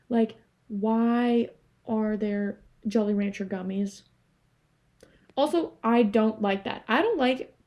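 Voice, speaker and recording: A young woman from Canada rambling casually to camera, animated and swearing freely. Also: medium pitch, lo-fi sound. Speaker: vlogger.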